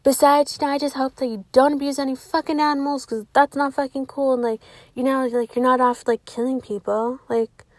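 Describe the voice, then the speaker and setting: A woman's voice: high-pitched, fairly even intonation, a little fast, no room sound. A young woman telling a personal story in a casual, blunt and profane way, full of "like" and fillers. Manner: profane, filler-heavy talk with constant "like"; blunt and outspoken.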